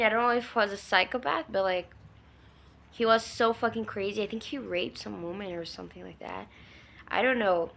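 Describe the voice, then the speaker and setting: A woman's voice: medium pitch, gravelly. A woman telling a story in a casual, rambling way, full of fillers and emphatic swearing. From Brazil. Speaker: vlogger.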